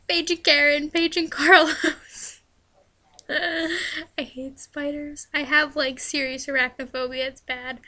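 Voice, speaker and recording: A young woman with a high, bright voice and a fair amount of vocal fry answers fan questions in a relaxed vlog chat. She often breaks into giggles partway through her sentences, and her delivery stays loose and conversational. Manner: giggly, laughs often while talking. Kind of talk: casual chat.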